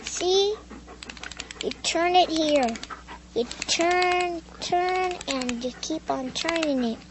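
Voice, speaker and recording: A sweet, shy little boy speaks in a radio drama, his voice very high and his words slow and halting. Faint noise hums under the line. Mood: tender. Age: child. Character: small boy, sweet and shy, new big brother.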